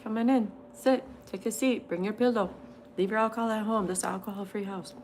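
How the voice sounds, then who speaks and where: Eating at her home table during a casual livestream, a host reads out viewer comments, laughs often, and replies bluntly between mouthfuls. She talks fast in a medium-pitched, darkish voice with fairly even intonation, over slight background noise.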